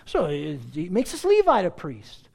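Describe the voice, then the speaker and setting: A man preaching a verse-by-verse sermon with sarcastic asides and rhetorical questions, swinging between loud exclaims and hushed asides. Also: sits high, wildly swooping pitch, moderate pace, gravelly. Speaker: pastor. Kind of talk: expository sermon.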